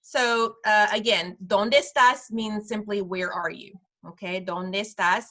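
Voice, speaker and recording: A woman teaching parents simple Spanish phrases in an online class, patient and slowing down over each phrase. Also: medium pitch, steady tone, bright, forceful tone. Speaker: preschool director teaching parents.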